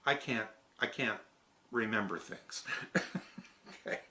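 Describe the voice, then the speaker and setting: A man's voice: fairly low pitch, slow pace, long pauses, bright, forceful tone. Man muttering through outtakes, dry-throated. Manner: self-mocking, laughing at his own flubs. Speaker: horror show host and puppeteer. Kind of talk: blooper outtakes, muttering to himself. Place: outdoors in wind.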